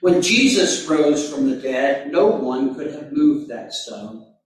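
A man preaching a sermon, slow and deliberate, with sudden emphatic bursts. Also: medium pitch, expressive. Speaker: pastor. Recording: very echoey room, mic far off.

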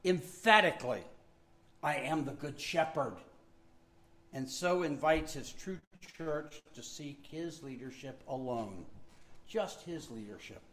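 Male pastor, mid-high voice, slow deliberate sermon delivery, emphatic. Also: animated, a little hiss or hum. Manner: emphatic, slowing down on key words, dropping to a soft hush; admits his own weariness.

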